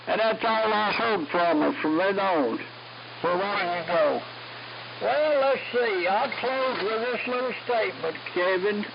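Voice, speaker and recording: Gravelly, high old man on AM radio. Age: 70s. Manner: folksy and joking. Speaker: amateur radio net check-in. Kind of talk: ham radio chat. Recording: lo-fi AM radio with static.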